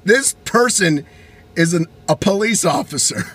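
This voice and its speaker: A young man from Virginia ranting casually in an animated, rambling way, with many restarts. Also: high-pitched, measured pace, husky. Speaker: vlogger. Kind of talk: casual rant.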